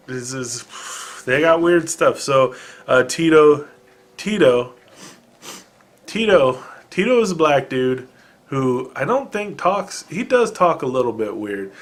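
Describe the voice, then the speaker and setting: A man hosting a casual solo podcast from home, rambling in a wry, self-deprecating way with many fillers and restarts. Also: medium pitch. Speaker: podcast host. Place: home room with dogs present.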